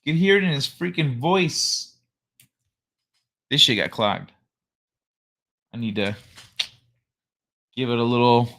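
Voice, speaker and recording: A young man with a bright, forward voice hosts a late-night live stream. He talks in a loose, rambling, laid-back way and swears freely, speaking into a desk microphone. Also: medium pitch, big pitch swings, takes it slowly, gravelly, long pauses. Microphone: desk microphone he adjusts.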